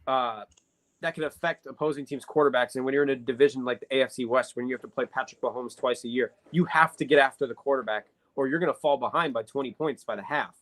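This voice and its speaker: A man's voice: mid-range voice, fast, a bit bright, rough recording. A man co-hosting a casual sports podcast, analyzing football matchups at length with frequent fillers. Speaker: podcast co-host.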